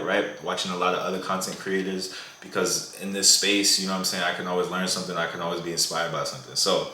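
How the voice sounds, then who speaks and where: A man's voice: low voice, pushed and bright. A young man giving casual dating advice in a vlog, talking in slang and calling the listener "bro". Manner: slangy, says "bro" a lot. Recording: echoey room.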